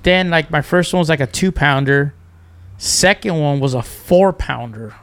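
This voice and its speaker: A man's voice: fairly high pitch, moderate pace, a bit bright, smooth. A man chatting as a podcast guest, telling fishing stories animatedly, acting out quotes and restarting often. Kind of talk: casual storytelling.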